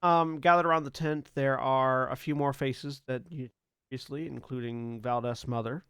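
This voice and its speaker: A man running a tabletop game as game master, narrating loosely with halting pauses and bursts of laughter. His voice is smooth and clear. The sound is dry, with no room echo. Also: mid-range voice, steady tone, a bit bright.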